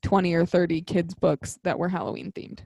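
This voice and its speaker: A young woman co-hosting a podcast in casual chat, gushing and excitable about fond memories. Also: lowish voice, normal speed, gravelly, dry recording. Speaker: podcast co-host.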